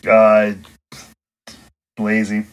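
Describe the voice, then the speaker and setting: A man co-hosting a podcast remotely, chatting casually and firing off quick jokes and questions. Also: lowish voice, completely flat delivery, smooth, muffled recording. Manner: quick quips and joking questions. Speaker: podcast co-host. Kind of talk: casual chat. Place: recording remotely.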